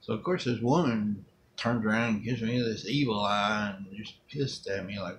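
Here a storyteller vlogger, middle-aged and Southern American, speaks at normal speed in a fairly low, slightly bright voice. His personal story wanders in a relaxed, folksy way as he acts out quotes, over slight background noise.

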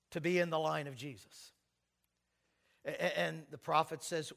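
A middle-aged man preaching a sermon in a church, telling stories and swinging from quiet asides to shouted praise. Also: fairly high pitch, fairly even intonation, a little slow, vocal fry. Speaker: pastor.

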